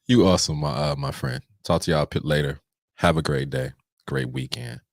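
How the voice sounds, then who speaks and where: A man's voice: extremely low pitch, lively intonation, normal speed, creaky, dry recording, clean studio sound. A man hosting a live pre-market trading stream, talking straight to his viewers with playful, preachy energy. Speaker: trading show host.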